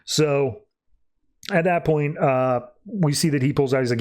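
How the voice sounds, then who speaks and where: Male podcast host, slightly high voice, loose rambling review talk, filler-heavy. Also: measured pace, darkish tone. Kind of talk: casual review chat.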